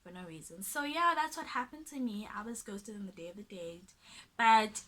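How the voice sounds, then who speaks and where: A young woman, telling a dating story in a casual storytime vlog, animated and sometimes dropping to a mutter. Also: mid-range voice, moderate pace, background noise. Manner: animated, drops to a mutter when dismissive.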